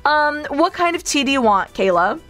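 A woman's voice: sits high, sing-song, moderate pace, fairly bright tone, faint music behind. A woman hosting a playful cafe role-play stream, giggling often and talking sweetly to her viewers. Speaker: streamer host.

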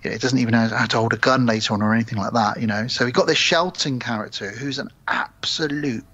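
A man's voice: mid-range voice, fast talker, bright, forceful tone, breathy edge, no echo. A man co-hosting a podcast, recapping a film plot in a rambling, sweary, casual way. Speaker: podcast co-host. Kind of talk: casual film review chat.

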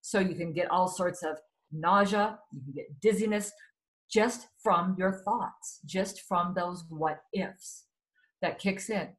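A woman with a somewhat low voice talks as a webinar guest. She explains things earnestly and at length, now and then stopping to correct herself. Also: takes it slowly, low-quality recording. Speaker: anxiety expert guest. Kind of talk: webinar conversation.

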